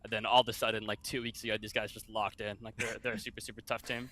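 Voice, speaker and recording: A man, a professional player, out of breath in a post-match interview, talking fast with lots of fillers. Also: fairly low pitch, flat delivery, bright, forceful tone. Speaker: pro player.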